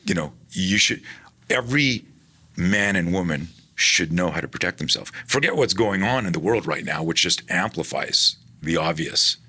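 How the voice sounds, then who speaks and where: A man talking casually in an interview about his work teaching personal defense, animated, acting out the people in his stories with many restarts. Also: low-pitched, moderate pace, husky. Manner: animated, acts out quoted dialogue, frequent restarts. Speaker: guest, personal defense instructor.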